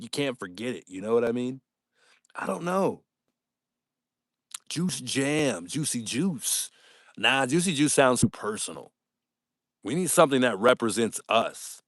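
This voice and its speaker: A man's voice: medium pitch, vocal fry, no room sound, clean studio sound. Upbeat man chatting with livestream viewers. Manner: upbeat, animated, thanks viewers often. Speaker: livestream host. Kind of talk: casual livestream chat reading viewer comments.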